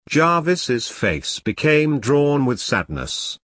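A man narrating a novel as an audiobook reader, in a measured storytelling way. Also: medium pitch, sing-song, fairly bright tone, no room sound. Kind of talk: scripted narration.

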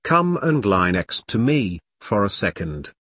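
A man's voice: lowish voice, sing-song, measured pace, a bit bright, slightly rough, no room sound, clean studio sound, pitched below the performer's own voice, exaggerated voice. A man voicing a teasing, flirtatious married woman. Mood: seductive.

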